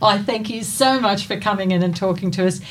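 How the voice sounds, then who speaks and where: A woman's voice: medium pitch, fairly quick. A woman hosting a radio interview, chatty and encouraging. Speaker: radio host.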